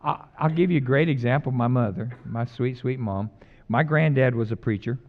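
A middle-aged male pastor preaching a conversational sermon, mixing loud emphatic lines with quiet, jokey personal stories. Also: medium pitch, moderate pace, phone-quality sound.

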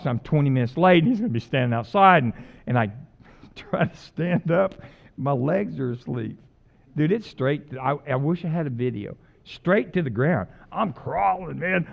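A man's voice: mid-range voice, creaky. Joking, fervent preacher man, slightly muffled. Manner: storytelling, joking, rising to fervent emphasis. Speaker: pastor. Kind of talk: conversational sermon.

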